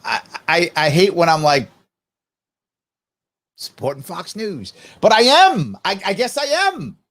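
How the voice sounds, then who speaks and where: Emphatic, lively middle-aged male host. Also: sits high, a little slow. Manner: animated, emphatic, talks back to clips. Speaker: show host. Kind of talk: opinionated live commentary.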